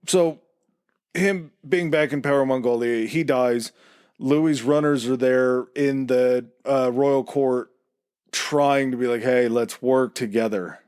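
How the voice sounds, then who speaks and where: Relaxed man telling history on a podcast. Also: mid-range voice, slow, clean tone, no echo, studio quality. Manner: relaxed, hedging, with fillers. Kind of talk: casual history storytelling.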